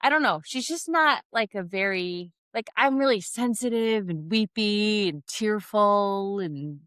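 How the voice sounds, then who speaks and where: A woman's voice: mid-range voice, animated, a little slow, a bit bright, clean tone, dry recording. A middle-aged woman hosting her own podcast, talking candidly in a rambling, casual way and swearing freely. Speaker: podcast host. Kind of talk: casual solo podcast monologue.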